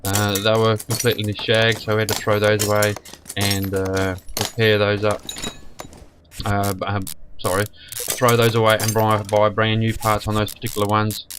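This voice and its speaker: Croaky man with a cold. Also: lowish voice, completely flat delivery, moderate pace. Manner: rambling, repeats and restarts words. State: hoarse from a cold, sniffly. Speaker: gaming channel host. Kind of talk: casual game commentary. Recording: noisy background.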